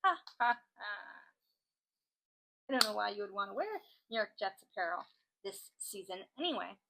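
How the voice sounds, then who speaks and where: A woman's voice: mid-range voice, animated, moderate pace, creaky, sharp tone, rough recording. A woman hosting a crafting channel, chatting casually and joking as she reads out odd laws. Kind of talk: casual chat while crafting.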